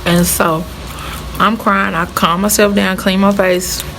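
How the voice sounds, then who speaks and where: A woman's voice: medium pitch, little pitch movement, measured pace, fairly bright tone, slight background noise, poor audio. A young woman vlogging to camera, a former teacher telling her story in a heartfelt, chatty way. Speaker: vlogger, former middle school art teacher. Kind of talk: casual talk to camera.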